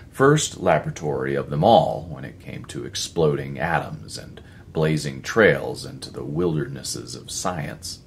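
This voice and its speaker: Very deep, gravelly male narrator. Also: slight background noise. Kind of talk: scripted audiobook narration.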